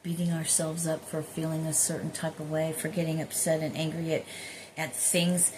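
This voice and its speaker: A woman's voice: deep voice, normal speed, background noise. A woman vlogging at home, musing casually on spiritual ideas in a rambling way and swearing freely.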